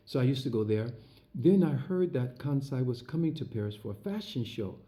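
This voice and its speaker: A man telling a personal story in casual talk, acting out the voices of others as he goes and filling pauses with lots of uhs. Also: medium pitch. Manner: animated storyteller, acts out quoted voices; frequent fillers and restarts. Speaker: entertainer recounting his past. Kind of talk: casual spoken anecdote.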